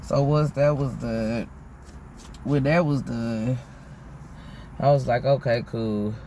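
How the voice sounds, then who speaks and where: Male vlogger, mid-pitched, loose profane storyteller, faint background hiss. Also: steady tone, takes it slowly, dark tone. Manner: rambling, slangy, frequent "you know what I'm saying"; profane, candid. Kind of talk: casual storytime monologue.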